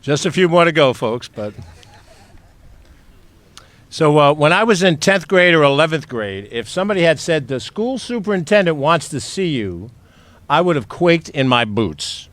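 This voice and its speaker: A public official giving a chatty, anecdotal ceremony speech, full of small hesitations. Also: male voice, fairly high pitch, lively intonation, moderate pace, a bit bright, no echo. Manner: chatty storytelling with many "uh" fillers.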